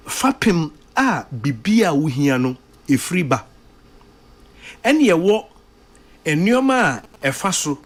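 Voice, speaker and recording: Ghanaian guy preaching on the radio, slow and sing-songy, keeps repeating the key lines. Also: mid-range voice. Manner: switches between English and Twi, repeats lines for emphasis. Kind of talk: daily devotional sermon on radio.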